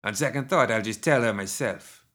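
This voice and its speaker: A man's voice: fairly low pitch, moderate pace, a bit bright. A man voicing a cruel, sneering male gunslinger outlaw with a menacing drawl.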